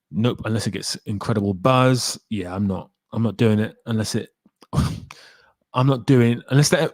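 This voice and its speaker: A man's voice: lowish voice, dry recording, clean studio sound. A man hosting a casual live stream about films, rambling and talking straight to his chat viewers by name. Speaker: film talk live stream host.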